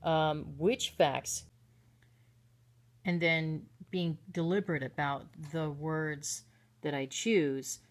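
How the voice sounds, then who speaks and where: A woman's voice: low-pitched, takes it slowly. A woman teaching a recorded writing lesson, explaining example texts step by step with frequent ums and restarts.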